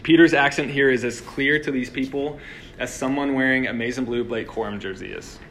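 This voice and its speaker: A young man preaching to a gathered room in a relaxed, talky way, peppering his lines with filler words and quick restarts. His voice sits at an ordinary middle pitch, and a faint hiss runs under the recording. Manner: conversational, lots of "like" and restarts. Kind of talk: casual sermon. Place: room with a live audience.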